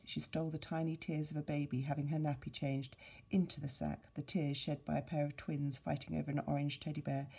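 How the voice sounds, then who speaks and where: Low, gravelly woman reading aloud. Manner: expressive storytelling with sound effects and asides. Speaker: primary school teacher. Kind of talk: reading a story aloud for pupils.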